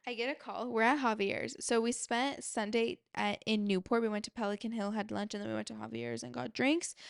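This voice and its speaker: A woman's voice: a little high, creaky, no echo, studio quality. A young adult woman hosting a podcast, telling a story in a chatty way, filling her talk with "like" and speaking straight to her listeners. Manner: chatty, heavy use of "like", addresses listeners directly. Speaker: podcast host. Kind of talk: casual storytelling.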